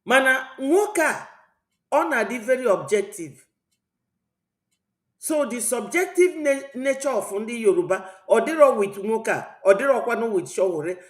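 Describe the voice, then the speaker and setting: A woman's voice: fairly high pitch, very animated, normal speed. Igbo-accented woman in a roomy echo. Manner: rambling, mixes Igbo and English, preachy. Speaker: channel host. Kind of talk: political commentary vlog.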